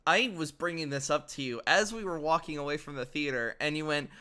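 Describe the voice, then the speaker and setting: A man co-hosting a podcast in casual chat, incredulous and quick to laugh, swearing freely. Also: fairly high pitch, bright, forceful tone, smooth. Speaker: podcast co-host.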